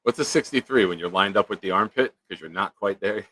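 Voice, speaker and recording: Bright-voiced joking male show host. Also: on the low side, brisk, no room sound. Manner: joking, rambling, reads chat aloud. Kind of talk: casual live-stream sports chat.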